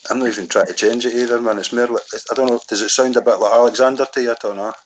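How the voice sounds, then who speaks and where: A soft-spoken Scottish man hosting a casual live chat. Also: mid-range voice, steady tone, very fast, a little hiss or hum. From Scotland. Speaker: host.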